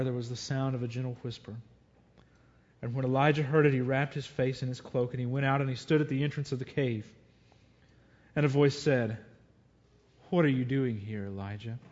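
A man's voice: medium pitch, a little mellow, lo-fi sound. Earnest man preaching a sermon. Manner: earnest, reads scripture aloud and dwells on it. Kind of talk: sermon with scripture reading.

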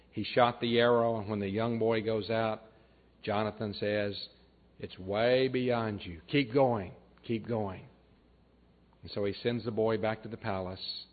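A man preaching a sermon, retelling a story in an earnest way and dropping his voice low and soft for emphasis. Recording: tinny phone-like sound.

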